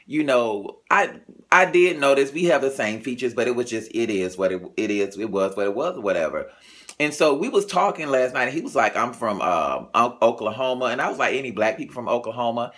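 Chatty man telling a story. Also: fairly quick. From Chattanooga, Tennessee. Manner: animated, chatty, blunt and profane, jumps pitch when quoting others. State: tired, early morning. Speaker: vlogger. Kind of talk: casual storytelling to camera.

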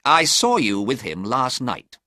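A man's voice: medium pitch, big pitch swings, unhurried, sharp tone, no echo, clean studio sound, voice pushed up. A man reading a storybook, voicing a cool, confident male detective in a raised, precise voice.

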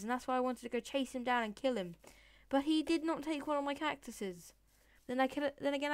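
In a high voice with no room sound, a woman does a casual Minecraft let's play, chatting with the villagers and mobs and playfully swearing as she goes.

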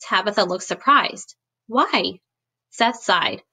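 A woman teacher speaks to her class through a computer webcam, gently recapping before reading a storybook aloud. Her voice is bright and clear, with a mid-range pitch. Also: moderate pace.

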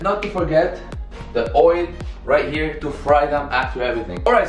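A young man talks casually through a recipe, upbeat and chatty as he works, with a fairly high voice. He is recorded in a home kitchen on a camera someone else holds, with a roomy echo. Clear background music plays under him. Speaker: cooking vlogger. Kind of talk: casual cooking tutorial. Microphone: camera held by another person. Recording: echoey room with music behind.

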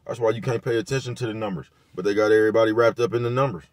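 A man with a lowish voice speaks in in a loose, repetitive rant. He drops slang and profanity all the way through, recorded dry and close with no room sound. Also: very fast, no echo. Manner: laid-back, repetitive, peppered with slang and profanity. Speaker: vlogger giving commentary. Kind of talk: casual rant to camera.

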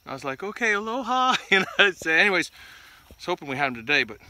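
A man tells a hunting story outdoors by a pig trap, animated and laughing, acting out the voices in it. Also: a little high, racing, no echo. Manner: animated, laughing, acts out voices in his stories. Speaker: pig hunter and vlog host. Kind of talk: casual storytelling to camera.

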